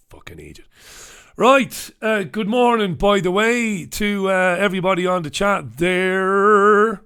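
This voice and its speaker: Male host, fairly high voice, rambling swear-laden comic yarns, laughs a lot. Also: measured pace, bright, forceful tone, smooth. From Ireland. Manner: profane, laughing, rambling anecdotal delivery. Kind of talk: comic storytelling on a live show.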